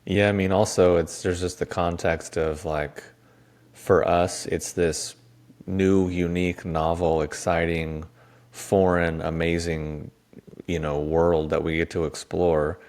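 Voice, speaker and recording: Deep, gravelly man rambling with enthusiasm. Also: level tone, slow, a little mellow. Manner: enthusiastic, rambling, lists words in a row. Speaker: podcast co-host. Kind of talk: casual conversation.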